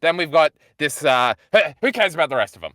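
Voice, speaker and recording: Man, movie chat co-host, bright forceful voice, smooth and crisp, mock-grand teasing, dry close sound. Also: fairly high pitch, big pitch swings, brisk, no echo. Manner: teasing mock-grand praise, playful swearing. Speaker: podcast co-host. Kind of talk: casual movie review chat.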